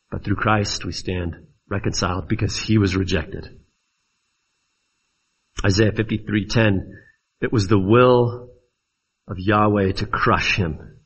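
A man's voice: on the low side, takes it slowly, long pauses, slightly rough, highs cut off. A man preaching a sermon in an earnest, pleading way, pressing questions on his listeners.

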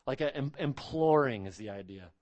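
A man's voice: mid-range voice, expressive, moderate pace, darkish tone. A man preaching an expository sermon, emphatic, repeating phrases and asking rhetorical questions.

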